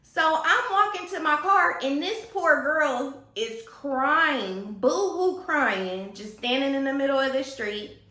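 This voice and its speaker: A woman telling a story in a casual vlog, animated and gossipy, talking straight to her viewers. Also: high-pitched, slow, echoey room.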